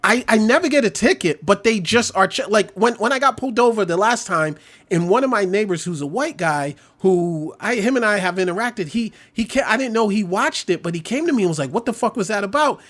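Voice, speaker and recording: A man's voice: sits high, expressive, fairly quick, fairly bright tone. A man from Brooklyn, a podcast guest telling stories in casual, profane, joking chat. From New York, Brooklyn.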